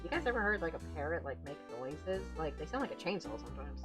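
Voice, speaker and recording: A woman streaming a game playthrough, making casual, joking asides in a quieter voice than the characters she reads. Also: low voice, big pitch swings, fast talker, few pauses. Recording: game music behind. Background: game music.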